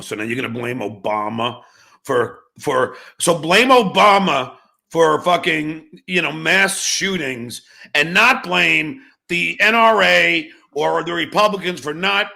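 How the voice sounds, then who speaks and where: This middle-aged man hosts a livestream where he swaps stories and talks politics, swearing a lot and stammering through restarts. His voice runs on the high side and a little slow, pushed and bright with some vocal fry.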